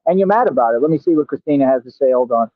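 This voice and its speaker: A man's voice: medium pitch, animated, rapid-fire, dry recording. A man hosting a livestream, boastful and scolding, full of streetwise slang. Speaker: livestream host. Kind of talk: confrontational livestream talk. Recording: tinny phone-like dry audio.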